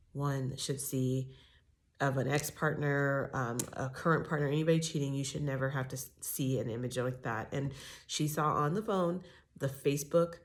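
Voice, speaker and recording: A woman giving a casual, opinionated recap of a reality show, talking with many fillers and asides. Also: extremely low pitch.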